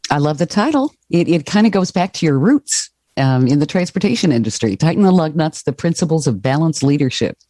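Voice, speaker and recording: A friendly podcast host who affirms the guest and keeps the talk moving. The pitch swings lively while the tone stays mellow, and the recording is dry and close. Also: brisk, few pauses, dry recording. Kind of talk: conversational podcast interview.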